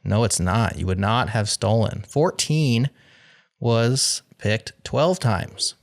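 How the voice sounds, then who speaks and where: A man's voice: fairly low pitch, takes it slowly, vocal fry. A man hosting a podcast game show, reading out survey results in a playful, wry way.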